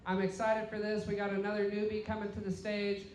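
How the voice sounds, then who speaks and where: A man's voice: high-pitched, completely flat delivery, a little fast, a little hiss or hum. A man hosting a comedy show, introducing the next comic with upbeat crowd hype. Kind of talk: emcee introductions. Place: brewery comedy stage, live crowd. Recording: roomy live-venue sound.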